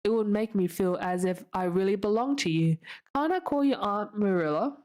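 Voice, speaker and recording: A woman voicing an eager, emotional orphan girl who pleads in a high, breathless voice. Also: moderate pace, a little mellow, lightly acted. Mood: wistful.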